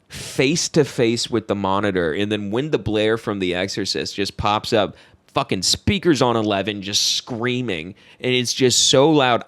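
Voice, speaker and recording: A young man co-hosting a casual podcast, telling a story with lots of energy and loudly acting out the people in it. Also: lowish voice. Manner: animated storyteller, acts out quoted voices loudly. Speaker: podcast co-host.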